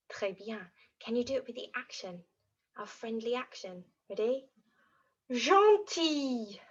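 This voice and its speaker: Animated woman teaching young children. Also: a little high. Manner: animated, sing-song, models words for repetition. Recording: dull lo-fi audio.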